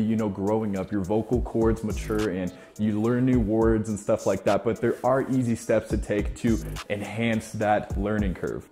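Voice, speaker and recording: A man's voice: medium pitch, mellow. A young man hosting an advice vlog, talking to his viewers in a confident, upbeat way. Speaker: vlogger giving self-improvement advice. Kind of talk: energetic direct-to-camera advice vlog.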